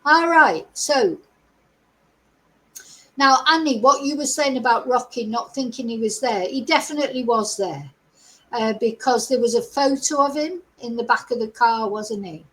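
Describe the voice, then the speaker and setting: A woman's voice: on the high side, moderate pace, a bit bright, low-quality recording. A middle-aged woman hosting a true crime livestream, opinionated and asking her viewers many rhetorical questions. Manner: opinionated, asks the audience lots of rhetorical questions. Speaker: true crime channel host.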